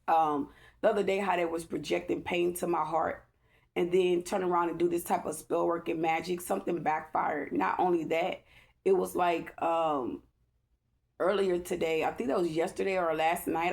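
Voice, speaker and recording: A woman's voice: fairly low pitch, fairly even intonation, moderate pace, gravelly, darkish tone. A woman giving a casual, rambling spiritual tarot reading, earnest and emotional, often checking in with "okay?". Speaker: tarot reader.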